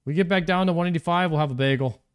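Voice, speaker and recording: A man's voice: a little high, rapid-fire, clear, resonant tone. A man streaming a video game live, chatting casually and thanking viewers by name.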